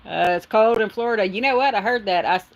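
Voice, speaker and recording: A woman's voice: on the high side, fast talker. A middle-aged woman, chatting casually on a livestream and reading viewer comments aloud with frequent laughs. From Texas. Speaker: livestream host. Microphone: phone.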